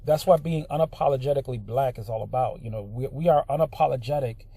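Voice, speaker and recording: A man's voice: medium pitch, quick pace, vocal fry, a little hiss or hum. A man talking casually straight into the camera, with lots of "you know" fillers, building into a heated rant. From Puerto Rican heritage. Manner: frequent fillers, grows heated and loud. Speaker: vlogger.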